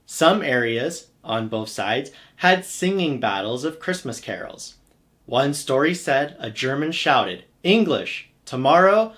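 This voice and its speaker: A man reads a history documentary script at a middle pitch. His delivery is steady and measured, and he tells the story plainly. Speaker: history channel narrator.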